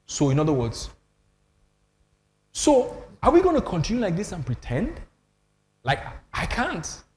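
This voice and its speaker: A man's voice: sits high, huge pitch swings, measured pace, in a large hall. An older Nigerian man hosting a panel on faith, telling stories with emphasis and self-deprecating humor. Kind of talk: animated panel talk on church.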